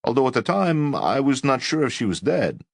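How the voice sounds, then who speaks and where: A man's voice: medium pitch, big pitch swings, moderate pace, creaky, dry recording, clean studio sound, pitched above the performer's own voice. A man voicing a nervous, coarse-talking doorman. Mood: jittery.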